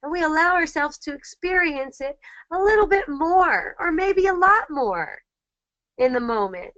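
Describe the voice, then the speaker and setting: A woman hosting an online spiritual dialogue, talking gently and reflectively, repeating key phrases and restarting sentences often, over slightly muffled lo-fi call audio. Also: high-pitched, lively intonation, measured pace, no echo. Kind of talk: reflective spiritual teaching talk.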